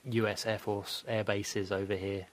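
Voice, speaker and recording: A man's voice: lowish voice, flat delivery, a little slow. A man hosting a gaming podcast in casual, rambling chat, laughing often at himself. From Britain. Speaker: podcast host.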